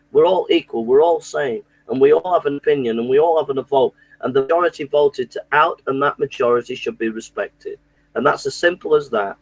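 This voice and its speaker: A man's voice: mid-range voice, no room sound, rough recording. A man delivering an indignant, repetitive political rant, often restarting his sentences. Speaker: political commentator. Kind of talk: impassioned monologue to camera.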